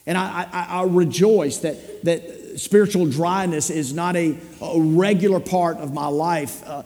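A man preaching a sermon in a church, his voice mellow and a little higher than most men's. He tells stories in a rambling, self-deprecating, humorous way. The sound carries a long reverb of a large hall. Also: a little slow. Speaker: pastor. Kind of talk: sermon with storytelling.

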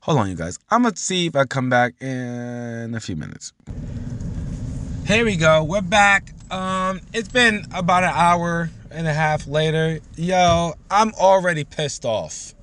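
A man's voice: a little high, a little slow, a bit bright. Man vlogging from a car, profane, rambling, heated rant, casual. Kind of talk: casual venting vlog.

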